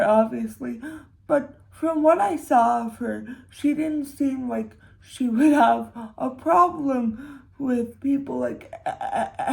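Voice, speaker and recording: A young woman giving a casual commentary monologue, unhurried and hesitant, with sarcastic asides and frequent restarts. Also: fairly high pitch, gravelly, darkish tone. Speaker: commentary creator.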